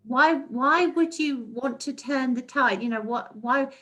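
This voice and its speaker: A woman's voice: sits high, measured pace, fairly bright tone. Earnest reflective woman guest. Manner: earnest, reflective, many restarts. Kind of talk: casual heartfelt chat.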